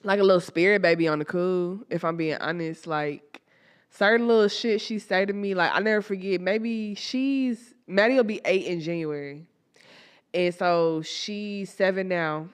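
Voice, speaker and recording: A woman, hosting a podcast and telling stories in a blunt, profane, animated way. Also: fairly low pitch, moderate pace, clear, resonant tone. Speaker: podcast host. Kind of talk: candid casual chat.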